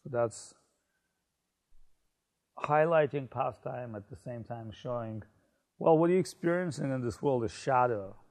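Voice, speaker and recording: A man telling a story in a casual conversation, animated and full of fillers. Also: mid-range voice, unhurried, long pauses. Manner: animated, many fillers and restarts, laughs. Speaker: spiritual speaker.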